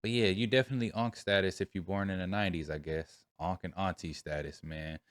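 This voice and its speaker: Male host, deep voice, relaxed slangy reaction commentary. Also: fast, no echo. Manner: laid-back, slangy commentary. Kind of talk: casual reaction chat.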